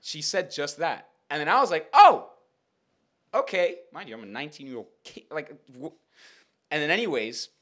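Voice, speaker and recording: A young man recounts a story on a casual podcast, his pitch swinging widely as he goes. He rambles and restarts with many fillers, animated and chatty. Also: fairly quick. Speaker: podcast host.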